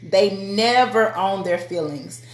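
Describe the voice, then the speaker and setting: A woman's voice: mid-range voice, slow pace. A woman giving a motivational live-stream talk to women, speaking directly and preacherly and calling out to her viewers. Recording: echoey room.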